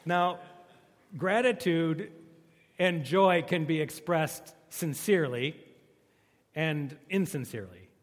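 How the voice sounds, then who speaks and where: A man's voice: on the high side, slow pace, pauses often, long reverb tail. Joking, conversational man preaching. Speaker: pastor. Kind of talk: sermon.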